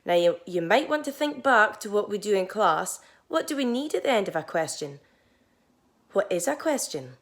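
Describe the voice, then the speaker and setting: A young woman who teaches primary school explains grammar to young children at a whiteboard in a home learning lesson, clear, patient and encouraging. Her mid-range voice is sing-song and fairly quick, with few pauses.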